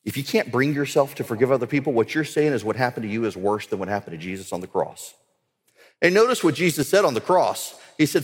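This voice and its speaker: A man's voice: mid-range voice, expressive, fast talker, breathy edge. A man giving an earnest religious conference talk that builds to fervent exhortation. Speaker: conference speaker. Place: large conference hall. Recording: long hall reverb.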